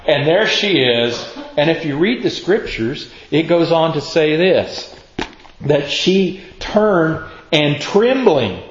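Man, preacher, animated storytelling sermon, somewhat high voice, echoey lo-fi recording. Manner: animated storytelling, acting out quoted lines. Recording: echoey room, dull lo-fi sound.

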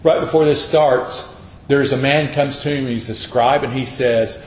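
Preacher guy, folksy sermon storytelling, mid voice, faint rumble in the back. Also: steady tone, unhurried. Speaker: pastor. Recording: echoey lo-fi room with faint rumble.

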